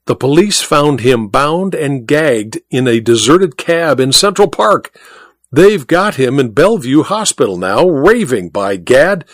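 A man voicing an excitable, dapper male gentleman who speaks with urgent insistence in a storybook reading. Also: mid-range voice, measured pace, no echo, studio quality.

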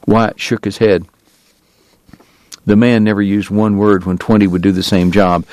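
A man reading a novel aloud as its narrator, in a steady, understated way. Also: fairly low pitch, normal speed, pauses often, no echo. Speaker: audiobook narrator. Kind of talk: scripted narration.

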